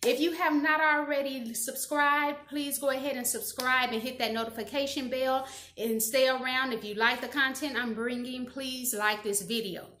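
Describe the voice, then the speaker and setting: Bright-voiced woman telling her story. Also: sits high, fairly even intonation, moderate pace, roomy sound. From Gary, Indiana, USA. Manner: candid, chatty, laughs at herself. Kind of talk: casual storytime monologue.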